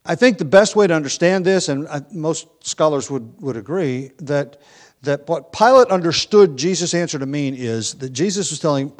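A man teaching a Bible study, talking in a relaxed, conversational way with frequent pauses and restarts. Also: on the high side.

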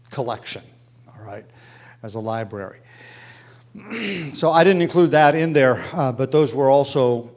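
A man teaching verse by verse through a Bible passage, halting often with ums and restarts, his voice sinking low at the ends of phrases. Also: darkish tone.

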